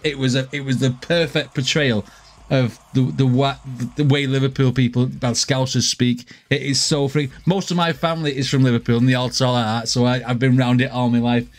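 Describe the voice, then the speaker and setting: A man's voice: medium pitch, level tone, brisk. Chatty man reacting. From near St Helens, Merseyside. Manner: chatty, laughing, swears, repeats himself. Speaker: reaction video host. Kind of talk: casual reaction commentary.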